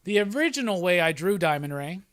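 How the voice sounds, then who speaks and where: Man, livestream host, rambling, profane, fairly high voice, dry close sound. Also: sing-song, a little fast, fairly bright tone, no echo. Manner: rambling and profane, with frequent laughs. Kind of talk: casual livestream chat.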